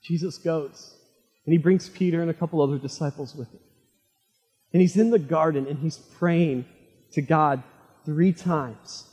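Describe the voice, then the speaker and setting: A male pastor delivers a sermon in a high, husky voice that rings out in a hall with a long reverb. He retells the story dramatically, climbing loud and fervent, then dropping to a hush. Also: measured pace, pauses often.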